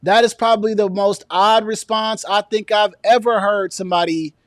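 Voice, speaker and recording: A man's voice: sits high, fairly even intonation, moderate pace, fairly bright tone, no echo. A man giving a political commentary rant as a vlogger, sounding indignant and sarcastic.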